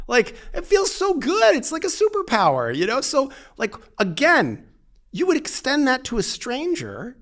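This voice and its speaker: Guy on a podcast, super lively up and down voice, keeps saying like, acts out what people said. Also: very high voice, unhurried. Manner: emphatic, lots of "like", acts out quoted dialogue. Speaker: divorce lawyer, podcast guest. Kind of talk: animated conversational storytelling.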